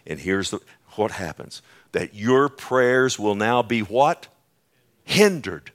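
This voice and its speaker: A male pastor preaching a sermon in church, moving between hushed, near-whispered passages and loud, impassioned outbursts. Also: on the low side, lively intonation, slow. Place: church sanctuary.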